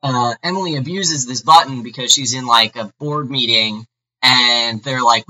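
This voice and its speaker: Bright-voiced man recapping casually. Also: medium pitch, normal speed, low-quality recording. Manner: rambling, with many fillers. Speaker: podcast co-host.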